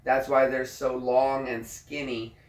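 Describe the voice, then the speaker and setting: A man's voice: mid-range voice, level tone, slow pace. A man hosting a late-night live stream from home, chatting casually and talking straight to his viewers. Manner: chatty, addresses viewers directly. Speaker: livestream host. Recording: roomy echo, away from mic.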